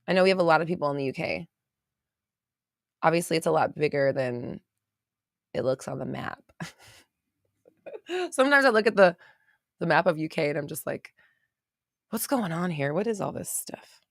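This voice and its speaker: Speaking in a fairly low pitch, this podcast host has a valley girl accent and runs a livestream from her home studio. She bubbles along chattily with plenty of fillers, reading out viewer comments, in clean, echo-free studio sound.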